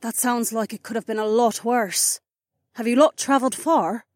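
A man's voice: very high-pitched, moderate pace, dry recording, clean studio sound, pitched above the performer's own voice. A man voicing a tired, kindly older female nurse with a motherly, concerned manner.

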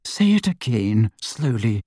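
A man's voice: medium pitch, sing-song, slow, mellow, breathy edge, dry recording, studio quality, exaggerated voice. A man reading an audiobook, voicing a flustered, panicky teenage wizard boy. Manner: flustered, desperate.

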